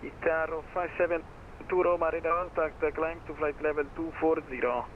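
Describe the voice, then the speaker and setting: A man working as an air traffic controller, reading routine clearances in radio phraseology. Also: fairly high pitch, little pitch movement, brisk. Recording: tinny radio transmission.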